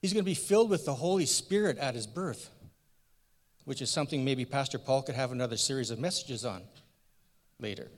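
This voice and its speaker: A man's voice: medium pitch, a little fast, natural voice. A man playing the elderly priest Zechariah in a first-person church skit, telling his story in an earnest, folksy, rambling way. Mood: earnest retelling. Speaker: church member in a sermon skit. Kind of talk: first-person dramatic monologue. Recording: long church hall reverb.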